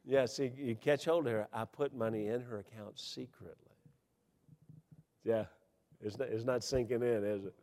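A man preaching to his congregation in a lively, folksy way. His delivery climbs to loud, emphatic peaks and then drops to near-confiding murmurs as he tells personal stories. A long reverb from the church hall trails each phrase. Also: moderate pace, pauses often. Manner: animated preaching with wide swings in pitch and loudness, folksy asides and chuckles. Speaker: pastor. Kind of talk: sermon.

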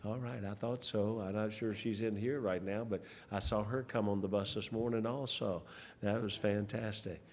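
A man, a pastor leading church service announcements in a rambling, folksy way, pausing often. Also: on the low side, fairly even intonation, darkish tone. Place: church sanctuary. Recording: long church hall reverb, faint noise.

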